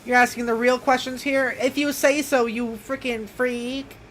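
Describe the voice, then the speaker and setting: A woman's voice: high voice, steady tone, normal speed, a little hiss or hum. A young woman streamer giving casual, jumpy commentary on a horror game and talking to her chat. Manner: chatty and jumpy, talks to chat.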